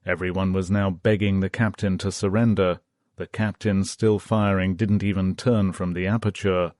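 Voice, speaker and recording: A man narrating a history audiobook in a steady, measured reading. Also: deep voice, dry recording, studio quality.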